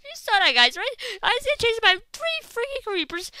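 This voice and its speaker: A woman doing casual game commentary, talking to viewers and bursting into frustrated shouts. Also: very high-pitched, big pitch swings, moderate pace, hardly any pauses, a little hiss or hum. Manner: talks straight to viewers as "guys". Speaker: gaming commentator.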